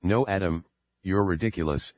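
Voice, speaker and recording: A man's voice: deep voice, normal speed, dry recording, highs cut off, natural voice. A man voicing a jealous, quarrelsome young woman in an audiobook, speaking in a bickering, defensive way.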